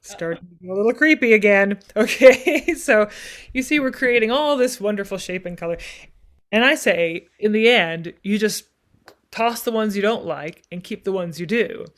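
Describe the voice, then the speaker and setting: A woman's voice: mid-range voice, lively intonation, moderate pace. A woman voice teacher coaching a singer in a masterclass, encouraging and demonstrative, now and then speaking the text with dramatic phrasing.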